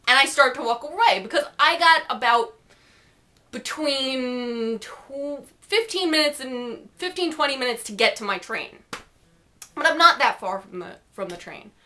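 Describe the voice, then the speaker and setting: A young woman tells a story to camera in a snarky, rambling vlog style. Her voice is high and swings widely in pitch. Her tone is bright and ringing. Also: lively intonation, moderate pace. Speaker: vlogger.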